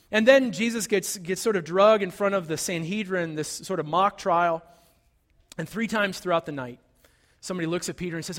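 A man with a notably high voice delivers a sermon as a casual, conversational story. He keeps asking "right?" and leans on "like." A long reverb trails behind his voice, as in a large hall. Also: normal speed, a bit bright. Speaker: pastor.

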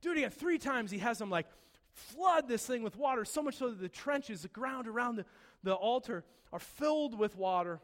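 A man preaching a sermon, retelling a story with humor and shifting from soft, serious moments to loud, excited ones. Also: extremely high pitch, moderate pace, long reverb tail. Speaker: pastor.

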